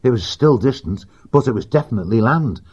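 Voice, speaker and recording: A man narrating an animal adventure audiobook in a steady, vivid reading. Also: medium pitch, a little fast, breathy edge. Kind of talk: scripted storybook narration. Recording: dull lo-fi recording.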